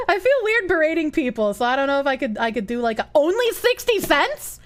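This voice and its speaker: A woman's voice: sits high, very animated, normal speed. A woman livestreamer chatting casually, reading chat, giggling often and swearing freely.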